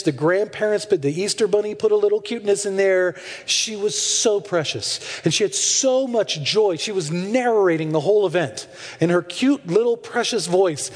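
A man's voice: sits high, long reverb tail. A male preacher giving a sermon, telling stories candidly and animatedly with self-deprecating humor.

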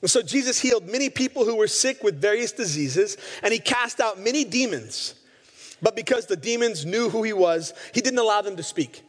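A man's voice: high voice, lively intonation, fairly quick. A man preaching a sermon, retelling scripture stories and acting out the quoted lines. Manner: storytelling, acts out quoted lines. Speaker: pastor. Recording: long hall reverb.

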